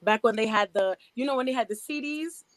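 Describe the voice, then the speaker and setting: A woman's voice: a little high, brisk, no echo. A woman with a New York accent, a rapper guest in a casual radio interview, chatty and laughing often. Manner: chatty, laughs often, many "you know"s. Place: radio studio.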